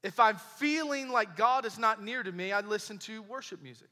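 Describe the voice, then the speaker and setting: Young male pastor, high bright voice, chatty but emphatic sermon, church hall reverb. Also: normal speed. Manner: conversational, emphatic preaching with repetitions. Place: church sanctuary.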